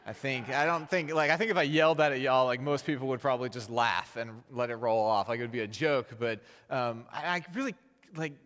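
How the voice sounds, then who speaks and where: A man preaching a sermon, relaxed and conversational, building to emphatic peaks. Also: medium pitch, fairly quick. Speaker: pastor. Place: church sanctuary. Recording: long hall reverb.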